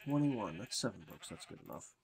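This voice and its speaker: A man casually commenting on his game, rambling between thoughts and coaxing game animals in a higher sing-song voice, chewing a cough drop as he talks. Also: very animated, a little fast, gravelly, noisy background. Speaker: gameplay commentator.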